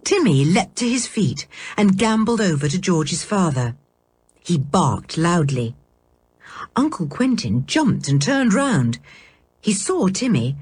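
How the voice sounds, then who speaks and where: A woman narrating a children's storybook aloud in an expressive, animated reading style. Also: mid-range voice, husky. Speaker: audiobook narrator.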